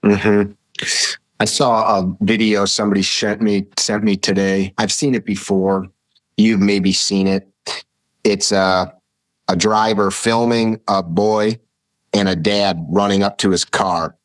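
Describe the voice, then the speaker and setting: A man's voice: fairly low pitch, little pitch movement, takes it slowly, no room sound. A man, a podcast guest, telling rambling, vivid stories in casual conversation. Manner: rambling, vivid anecdotes with acted-out quotes. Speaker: podcast guest, firearms instructor.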